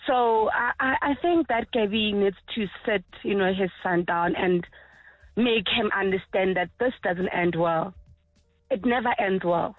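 A woman calls in to a radio show over a thin, tinny phone line. Her voice is husky and sounds dry and close. She speaks earnestly and haltingly, often going back over her words. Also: mid-range voice, no room sound. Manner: earnest, halting, repeats herself. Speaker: caller. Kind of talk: phone-in call.

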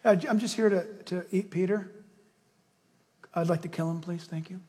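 A male pastor voicing a sly devil who mumbles a falsely polite request in a low, soft voice. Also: steady tone, normal speed, breathy edge, long reverb tail. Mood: mock polite.

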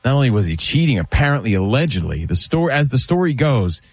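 A man's voice: mid-range voice, sing-song, quick pace, dry recording. A man in his thirties hosting sports talk radio, telling gossip with suspenseful build-ups and reading ads live on a studio mic.

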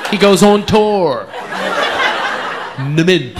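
East Coast comic over a roaring crowd. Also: male voice, high voice, animated, drawn-out words. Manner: joking about his own accent. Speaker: stand-up comedian. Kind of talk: stand-up routine. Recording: loud laughing crowd, noisy club.

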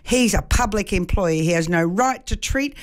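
A woman voicing a sympathetic older gentleman who speaks slowly and earnestly. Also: medium pitch, lively intonation, lightly acted. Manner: slow, soothing and earnest.

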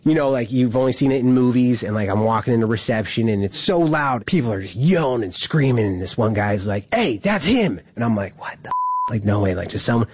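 A man telling a prison story in a loose, rambling way, full of "like" and quick laughs. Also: mid-range voice, a little mellow, slightly rough. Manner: rambling, heavy use of "like", laughs through story. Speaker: incarcerated storyteller. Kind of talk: casual storytelling.

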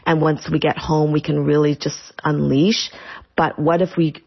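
A comedian and content creator answering interview questions, animated and quick to laugh, in a muffled recording. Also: female voice, sits low, creaky, husky.

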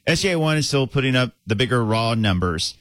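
A man co-hosting a sports radio show, explaining his views in a measured, reasoned way. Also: mid-range voice, lively intonation, a bit bright, no room sound. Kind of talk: casual sports radio chat.

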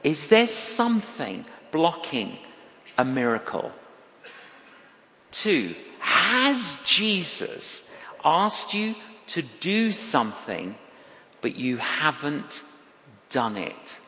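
A man delivers a sermon slowly and deliberately, spinning a wry personal story and hammering points home through repetition. His voice rings through a large hall with a long, roomy reverb. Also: a little high, very animated, pushed and bright. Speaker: preacher.

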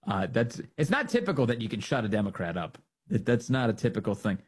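Husky man doing mocking political commentary. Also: medium pitch, sing-song, fast. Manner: mocking, laughs at his own jokes. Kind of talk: opinionated commentary on news clips.

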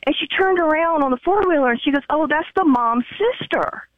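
A woman's voice: sits high, lively intonation, a little fast, dry recording. A woman calling in to tell a story, in a chatty way that repeats herself. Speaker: caller. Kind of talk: casual phone-in storytelling. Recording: dull muffled phone line.

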